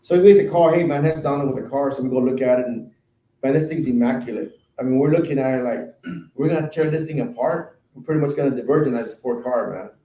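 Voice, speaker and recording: A man's voice: mid-range voice, quick pace, mellow. Laid-back man telling long stories. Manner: rambling, laid-back storyteller. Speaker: podcast guest, car painter. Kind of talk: casual chat, storytelling. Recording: roomy echo.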